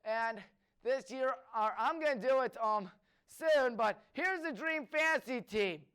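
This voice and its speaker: A man's voice: very high voice, expressive, measured pace, fairly bright tone, smooth. A man hosting a solo sports talk show, eagerly listing names with frequent fillers. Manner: enthusiastic, rattles off lists of names with fillers. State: out of breath.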